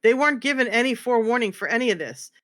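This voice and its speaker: A bright, forward voice tumbles through a casual roleplay recap. The speaker swears freely, restarts sentences and repeats points for emphasis. The pitch sits mid-range. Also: animated, very fast. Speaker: roleplay streamer guest.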